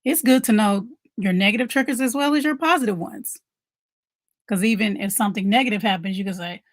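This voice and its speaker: A woman's voice: medium pitch, brisk, dry recording. Female mom coach, casual motivational talk to camera, repeats points, dry room sound. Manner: conversational, repeats key points, asks viewers questions.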